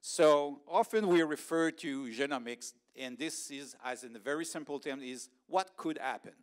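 A middle-aged man with a Canadian accent, a research scientist giving a conference presentation, speaking in a halting way with frequent pauses and quick "okay?" check-ins. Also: a little high.

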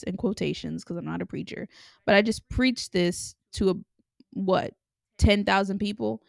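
Young female podcast host, candid chatty storyteller, middle pitch with vocal fry, dry close sound. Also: normal speed, no echo. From Los Angeles area. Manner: chatty and candid, with many filler likes and ums. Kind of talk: casual storytelling monologue.

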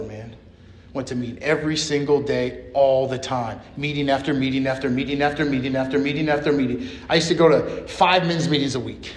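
A man giving a personal share at a recovery meeting, blunt and profane, full of street slang. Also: on the high side. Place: meeting room. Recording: echoey meeting room.

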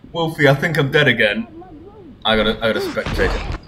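A young man streaming a horror game live, excitably swearing and yelling at his teammates. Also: fairly high pitch, noisy background. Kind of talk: live gameplay commentary.

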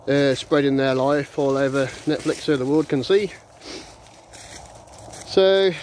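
A man's voice: mid-range voice, a little slow, long pauses, a little mellow, slight background noise. A man ranting bluntly and ramblingly in a casual monologue, with restarts and chuckles, while walking a dog through the countryside and recording on a phone held in his hand. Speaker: vlogger.

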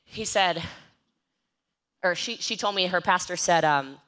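A woman giving an energetic, joking motivational talk on network marketing from an event stage, often mocking herself. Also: on the low side, unhurried. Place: event stage with live and online audience.

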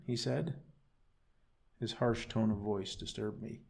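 Brief: male storyteller, low and gravelly, slow somber bedtime reading. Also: steady tone, mellow.

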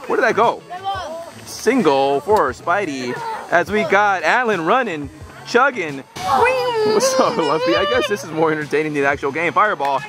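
A man calling softball plays casually with playful asides, outdoors at a game. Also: fairly high pitch, lively intonation, moderate pace, loud music behind the voice. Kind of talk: casual play-by-play commentary.

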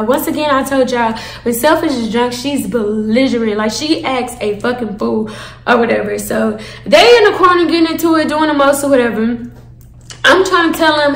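A young woman telling a storytime to her viewers, animated and profane, calling them y'all. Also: sits high, normal speed, reverberant. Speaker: storytime vlogger. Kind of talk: casual storytime.

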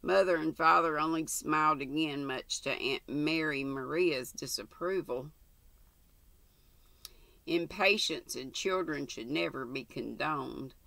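An older woman reading a novel aloud, slow and deliberate, with chatty asides. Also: deep voice, creaky, bright, forceful tone, no echo. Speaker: audiobook reader.

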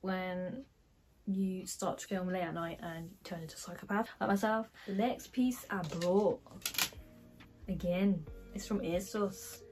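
A woman's voice: fairly low pitch, fairly even intonation, unhurried, darkish tone, faint music behind, low-quality recording. A young woman chatting casually through a clothing try-on haul vlog, with lots of fillers. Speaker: fashion vlogger.

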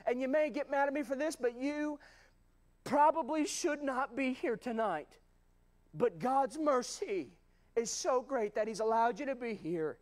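A man preaching a sermon in a church, fervent and rising to shouts at times, calling out to the congregation. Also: extremely high pitch. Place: church sanctuary.

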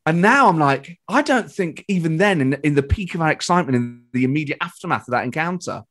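Quick and fairly high-pitched, a British man on as a comedian guest launches into an animated story during casual conversation. He voices the quotes himself and swears without restraint.

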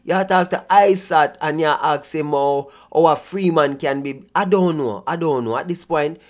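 A man's voice: on the high side, moderate pace. A man with a Jamaican accent, giving casual reaction commentary in an exasperated, mocking way. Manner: exasperated, mocking, patois-heavy. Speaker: vlogger reacting to clips.

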